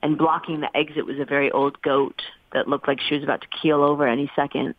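Earnest low-voiced woman on a phone line. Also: level tone, fast, no room sound. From United States. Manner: earnest, emotional storytelling. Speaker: guest, animal sanctuary founder. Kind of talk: telling her life story in an interview. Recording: tinny phone-line sound, dry.

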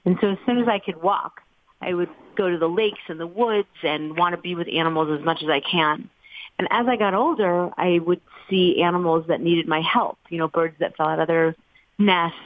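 Middle-aged woman, low and earnest, heartfelt storyteller; tinny dry phone line. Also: no echo. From United States. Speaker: guest, animal sanctuary founder. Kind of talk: telling her life story in an interview.

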